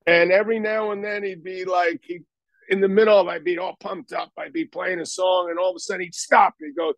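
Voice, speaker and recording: A man's voice: high-pitched, fairly even intonation, a little fast, gravelly, no echo, poor audio. An older man telling stories in a casual interview, rambling and self-deprecating with many restarts. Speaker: guest.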